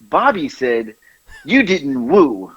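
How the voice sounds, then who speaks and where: A man's voice: mid-range voice, takes it slowly, husky, lo-fi sound. A man co-hosting a podcast, telling a story in casual chat, laughing often and acting out what others said. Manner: animated, laughs often, acts out quoted lines. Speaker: podcast co-host.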